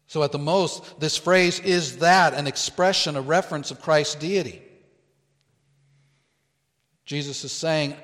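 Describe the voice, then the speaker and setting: A male pastor delivers a sermon in a slow, measured cadence, lingering on key phrases for emphasis. His voice sits a little high for a man. It rings out with the long reverb of a large hall. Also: a bit bright. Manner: slow, deliberate preaching with emphatic quotes.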